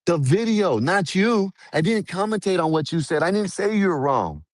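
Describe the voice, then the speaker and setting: A man's voice: high voice, big pitch swings, normal speed, no room sound. A man co-hosting a livestream who argues defensively, stammers, and keeps repeating himself. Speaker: co-host commentator. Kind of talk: heated argument on a livestream.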